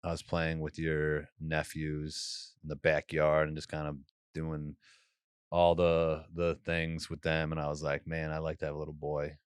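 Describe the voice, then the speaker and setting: A man's voice: a bass voice, completely flat delivery, moderate pace, smooth, dry recording. A young man hosting a podcast in a studio, chatting playfully with a slight lisp from a retainer. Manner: playful, teasing banter. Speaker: podcast host. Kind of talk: casual chat.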